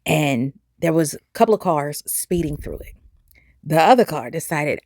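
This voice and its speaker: A woman, telling a personal story to camera in an animated, expressive way. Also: sits low, quick pace, no echo, studio quality. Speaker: vlogger.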